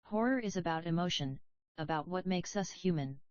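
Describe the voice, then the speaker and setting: A woman's voice: on the low side, animated, moderate pace, no room sound, lo-fi sound, natural voice. Woman reading as an earnest cubehead heroine. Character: soft-spoken blue cubehead heroine, young woman, earnest.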